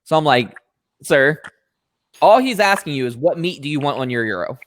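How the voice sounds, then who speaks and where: A man's voice: on the high side, moderate pace, slight background noise. A man hosting a podcast who tells a long story, acting out every character's lines with plenty of swearing. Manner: animated storyteller who acts out both sides, profane. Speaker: podcast host. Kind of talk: casual storytelling chat.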